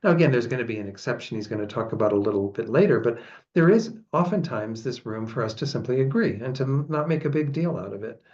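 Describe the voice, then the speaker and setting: A man, a Buddhist teacher, giving a relaxed, chatty dharma talk with frequent laughs. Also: mid-range voice, quick pace. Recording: dull lo-fi sound.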